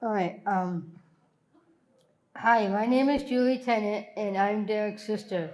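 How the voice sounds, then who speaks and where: A woman's voice: medium pitch, a little slow, darkish tone. A woman on stage reading her prepared remarks in a playful, teasing way as the guest speaker. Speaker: guest speaker, sister of the host.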